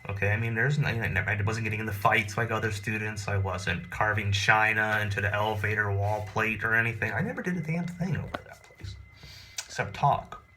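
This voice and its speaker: A man telling a personal story in a rambling, animated, profane, casual way. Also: lowish voice, fairly quick, soft background music.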